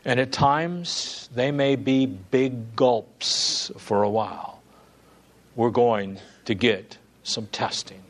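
A man preaching a sermon as pastor in a church, moving from quiet, drawn-out words to loud, high, pleading calls.

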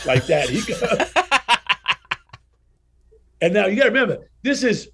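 A man in his sixties, a guest in an interview, telling anecdotes in a casual, animated way and acting out the dialogue. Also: mid-range voice, measured pace, gravelly, husky.

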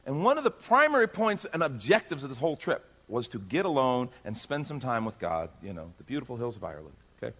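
A male pastor telling a lively story in a sermon, acting out the people in it. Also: medium pitch, fast, few pauses. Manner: animated, acts out dialogue in his story.

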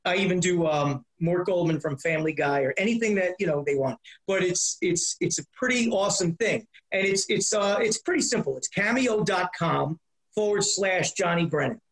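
A man with a fairly high voice chatting casually as an interview guest. He rambles, doubling back and repeating words as he goes. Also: animated, normal speed, rough recording. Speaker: guest, prank-call comedian.

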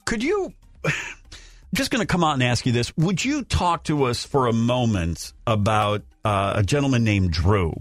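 A male radio host speaks into a close studio mic, with a dry sound and a lively, swooping voice. He talks with an energetic, coaxing manner, quick to sound incredulous, over faint music. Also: mid-range voice, no echo. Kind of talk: morning radio banter. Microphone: studio microphone.

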